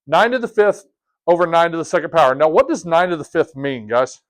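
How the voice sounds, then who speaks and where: A man's voice: fairly high pitch, animated, fairly quick. Casual joking male math teacher. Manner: casual, joking, asks class questions. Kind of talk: classroom lesson. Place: classroom.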